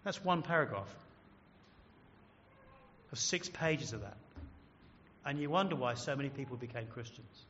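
A man's voice: medium pitch, expressive, normal speed, pauses often, a bit bright, in a large hall, muffled recording, a little hiss or hum. A man preaching a sermon as pastor, earnest and emphatic, often asking the congregation questions. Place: large church.

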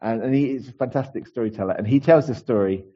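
A man's voice: mid-range voice, fast talker, dark tone, highs cut off. A man giving a conversational sermon as a pastor in church, with asides and restarts.

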